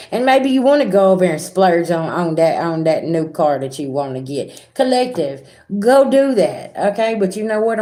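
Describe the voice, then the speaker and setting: A middle-aged woman, a spiritual reader talking casually and directly to her viewers in a rambling, animated way. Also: medium pitch. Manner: animated, rambling, talks straight to viewers with asides. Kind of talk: casual direct-to-camera talk.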